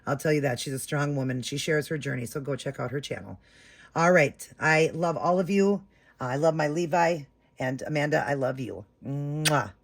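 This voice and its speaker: Gushing woman with a gravelly voice. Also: sits low, brisk. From United States. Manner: gushing and affectionate, many fillers. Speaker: vlogger. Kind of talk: casual chat to camera.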